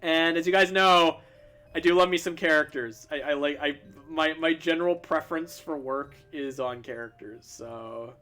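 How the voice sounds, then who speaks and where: Young man, bright voice, slightly high, rambling casual stream chat, faint music behind. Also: normal speed. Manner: chatty, rambling, self-interrupting. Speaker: streaming artist.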